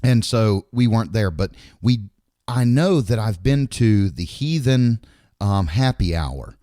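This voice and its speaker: A man's voice: on the low side, expressive, measured pace, warm tone, no echo, studio quality. A middle-aged man, co-hosting a podcast in casual chat, rambling and bluntly swearing. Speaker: podcast co-host.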